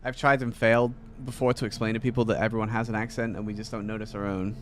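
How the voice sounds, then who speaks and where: A man's voice: on the low side, flat delivery, quick pace. A man chatting casually while playing a video game, rambling with many fillers and restarts. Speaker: game streamer. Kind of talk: casual chat while gaming.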